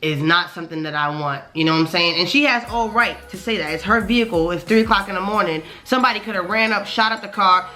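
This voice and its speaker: A woman vlogger telling a casual storytime, slangy and animated, swearing often and repeating "you know what I'm saying" as she recounts an annoying night. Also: medium pitch, fast talker, few pauses, faint music behind.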